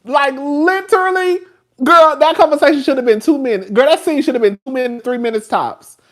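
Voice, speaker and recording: A man's voice: very high-pitched, brisk, fairly bright tone. A man hosting a casual live stream. He rambles, talks with sass and laughs often as he chats with his viewers. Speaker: show host reviewing TV.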